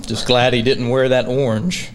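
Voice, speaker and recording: A man's voice: medium pitch, little pitch movement, normal speed. A man hosting a hall of fame ceremony, introducing an inductee with teasing jokes and easy laughter. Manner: jokey, teasing, laughs easily. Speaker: master of ceremonies. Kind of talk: ceremony introduction with joking banter. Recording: banquet hall with crowd noise.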